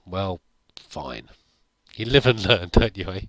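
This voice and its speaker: A man's voice: sits low, lively intonation, takes it slowly, a bit bright, no echo. A man giving casual gameplay commentary, chatting to himself and laughing at his own mistakes. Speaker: gameplay video host.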